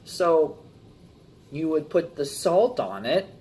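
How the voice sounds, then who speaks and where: A man's voice: on the high side, takes it slowly. A man preaching a casual sermon, talking through everyday examples with rhetorical questions and acting out little scenes. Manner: animated, acts out customers in jumpy voices.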